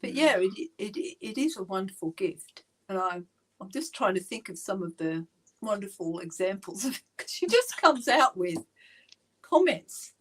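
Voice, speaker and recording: A woman's voice: mid-range voice, big pitch swings, moderate pace, a little hiss or hum, rough recording. A woman hosting a casual interview, chatty and enthusiastic, telling stories and laughing easily. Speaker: podcast host. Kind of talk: casual chat.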